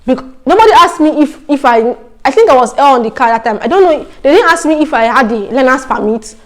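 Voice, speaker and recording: A young Nigerian woman chats to her camera in a lively, storytelling vlog voice that sits a little high. She slips easily into Pidgin phrases and tells her stories with animated emphasis. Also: a little fast. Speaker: vlogger. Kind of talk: casual vlog talk.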